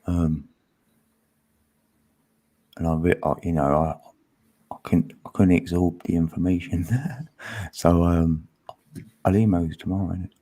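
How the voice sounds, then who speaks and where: A man's voice: low voice, steady tone, unhurried, long pauses, mellow. A man hosting a live stream panel in casual, slangy chat, laughing often.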